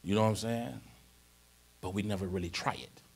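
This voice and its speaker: A man's voice: lowish voice, a little fast, gravelly, breathy edge. A man preaching a conversational sermon in a church, often asking the congregation whether they follow him and growing more emphatic as he reads scripture. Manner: informal, repeatedly checks in with the congregation; rises to emphatic, louder delivery when reading scripture. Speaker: pastor.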